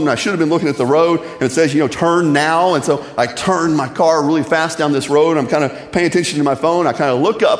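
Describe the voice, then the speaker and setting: Joking preacher man in an echoey hall. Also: on the high side. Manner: conversational and joking, building to animated storytelling. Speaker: pastor. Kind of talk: sermon.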